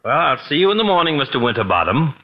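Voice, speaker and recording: A man's voice: a little high, very animated, fast talker. Haughty wisecracking man, old radio. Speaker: doctor character. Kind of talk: 1940s radio comedy acting. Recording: dull, hissy old radio broadcast.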